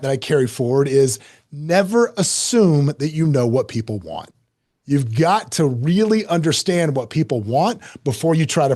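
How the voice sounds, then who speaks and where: A middle-aged man telling a story as a podcast guest, lively and self-mocking, acting out quoted lines. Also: mid-range voice, slightly rough. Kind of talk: animated storytelling in an interview.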